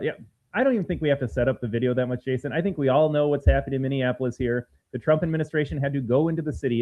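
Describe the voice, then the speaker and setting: A man co-hosting a political talk show, speaking in an animated, emphatic, sarcastic way. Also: on the high side. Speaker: podcast co-host. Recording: phone-like narrow sound.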